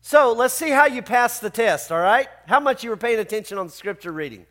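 A man's voice: extremely high pitch, animated, a little fast, a bit bright. A man preaching a sermon as pastor, conversational and emphatic, full of rhetorical questions to his church.

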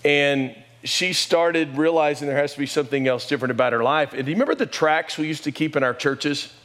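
A man's voice: brisk, a bit bright. A middle-aged man preaching a sermon, telling an emotional family story and lifting his voice when he quotes people. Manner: storytelling, emotional, rises in pitch and volume when quoting. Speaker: pastor.

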